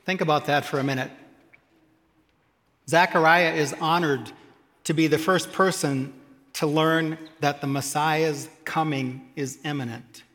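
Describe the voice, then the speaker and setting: A man's voice: fairly high pitch, a bit bright, big-room sound. A man preaching a sermon, reading scripture aloud and adding humorous asides. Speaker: pastor.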